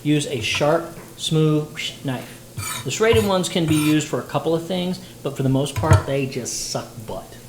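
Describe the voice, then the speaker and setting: A playful, chatty man talks to his stream viewers while he cooks at home. His voice bounces around a roomy kitchen, and a sizzling pan is clearly heard behind him. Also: on the high side, animated, a little slow, noisy background. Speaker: livestreamer cooking dinner. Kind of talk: casual livestream chat while cooking.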